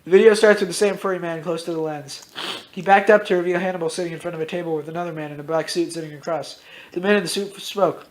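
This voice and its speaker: A man casually reading out his own story, dropping into loud voices for its characters. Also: fairly high pitch, fairly even intonation, fast. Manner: switches into loud shouted character lines, swears freely.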